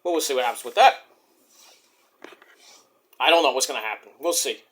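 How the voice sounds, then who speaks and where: A man's voice: medium pitch, a little fast, a bit bright. A young man casually chatting about wrestling predictions, loose and profane, now and then imitating wrestlers. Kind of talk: casual chat.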